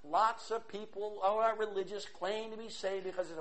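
A man preaching an evangelistic sermon, fervently reading scripture and swinging from loud ringing emphasis to low hushed passages. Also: fairly even intonation, moderate pace, rough recording. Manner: fervent, preacherly, reads scripture in King James style.

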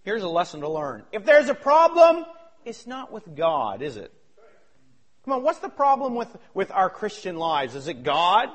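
A high-pitched male preacher delivering a sermon. His voice leaps all over the place, from quiet asides to loud, shouted exhortations. He acts out the voices in the Bible stories he tells. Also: very animated, moderate pace. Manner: fervent, swings from low mutters to high shouts.

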